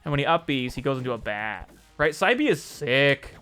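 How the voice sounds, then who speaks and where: A man's voice: medium pitch, sing-song, moderate pace, a bit bright, clear, resonant tone, faint music behind. A man hosting a casual live stream, demoing a game he works on, answering chat and often correcting himself mid-sentence. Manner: chatty, answers chat messages, frequent restarts and self-corrections.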